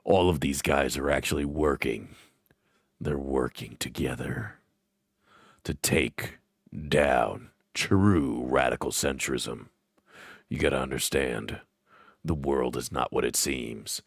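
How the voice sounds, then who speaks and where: A man putting on a deep, slow paranoid conspiracy theorist. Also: vocal fry, no echo, clean studio sound, full character voice. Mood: ominous. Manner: slow, ominous, low delivery. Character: paranoid adult male conspiracy theorist, grave.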